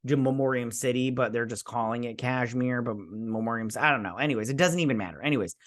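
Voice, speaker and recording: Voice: mid-range voice, fast talker. Sarcastic rambling episode reviewer. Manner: sarcastic, rambling, many fillers. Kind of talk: casual recap and review.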